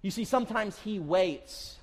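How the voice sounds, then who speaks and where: A man's voice: high-pitched, animated, measured pace. Man preaching in a reverberant church hall. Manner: conversational, storytelling, laughs often. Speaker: pastor. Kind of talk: sermon.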